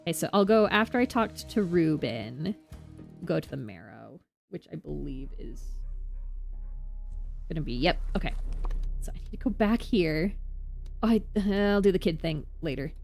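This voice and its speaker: A woman streaming herself playing a game, commenting casually, reacting loudly and swearing freely. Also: low-pitched, sing-song, moderate pace, gravelly, long pauses, soft background music. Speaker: vtuber streamer.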